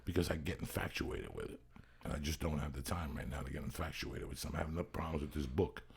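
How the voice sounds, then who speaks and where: A man's voice: a bass voice, expressive, fast, vocal fry, breathy edge. A man in his fifties hosting a podcast, chatting casually in a boisterous, profane way. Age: 50s. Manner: boisterous, swears constantly, loud hype shouting. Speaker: podcast host. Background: rock music playing.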